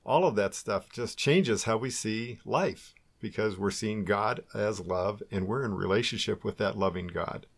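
A man with a fairly low voice co-hosts a faith talk program. He speaks in a calm, reflective way. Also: a little slow, hardly any pauses. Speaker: co-host of a Christian talk program.

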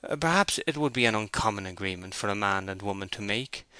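A slow, grave farm bailiff read by a man. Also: on the low side, animated, bright, forceful tone, smooth, dry recording. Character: plain-spoken farm bailiff, steady and grave. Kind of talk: audiobook character voice.

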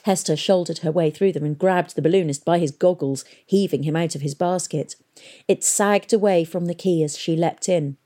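Audiobook narrator, woman, mellow low voice, measured and expressive.

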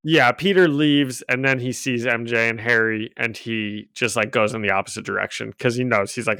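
A man's voice: medium pitch, steady tone, normal speed, creaky, hardly any pauses, pushed and bright, clean tone, no echo. A man co-hosting a casual comics podcast from home, chatty and laughing often as he acts out quotes. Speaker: podcast co-host recapping comics. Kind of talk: casual chat. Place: home room with a cat. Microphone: own desk microphone.

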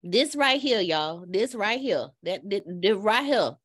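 A woman's voice: medium pitch, lively intonation, unhurried, fairly bright tone, dry recording, studio quality. A woman on a casual podcast, telling a story with laughs and exasperated asides.

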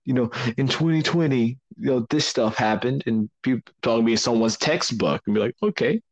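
A man's voice: medium pitch, a little fast, poor audio. A man, a professional wrestler, joking and chatting casually as a podcast guest. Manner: joking, playful, laughs easily.

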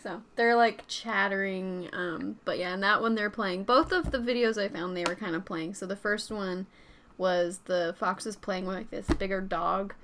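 A woman's voice: mid-range voice, moderate pace, a bit bright, slight background noise. A woman co-hosting a podcast, chatting playfully and casually with filler words. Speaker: podcast co-host. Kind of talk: casual chat.

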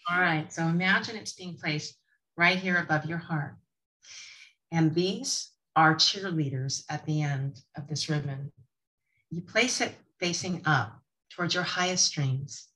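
Earnest, low-pitched woman giving a tribute. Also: rough recording. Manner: warm, earnest, slow and emphatic. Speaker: author and guest. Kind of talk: heartfelt tribute.

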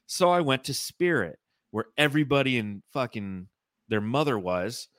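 A man's voice: medium pitch, sing-song, moderate pace, a bit bright, dry recording, clean studio sound. A man hosting a casual sports podcast, telling rambling, profane stories and reading fan comments aloud. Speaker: podcast host.

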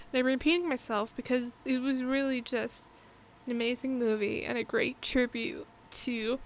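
A woman with a high voice talks through a film in a casual review vlog. She is earnest and heartfelt, rambling and restarting her thoughts as she goes. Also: creaky. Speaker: movie reviewer.

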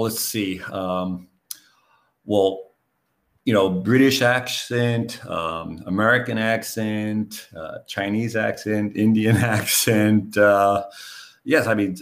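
A man's voice: lowish voice, slow pace. A middle-aged man from New York, a guest and English teacher, talking casually in an interview with lots of fillers like "okay" and "you know". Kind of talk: conversational interview.

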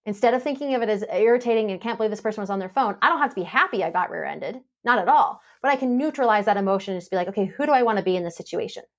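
Animated woman telling a story. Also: mid-range voice, racing, hardly any pauses. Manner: animated storytelling, acts out quoted dialogue. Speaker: podcast guest, coach. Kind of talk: casual podcast conversation.

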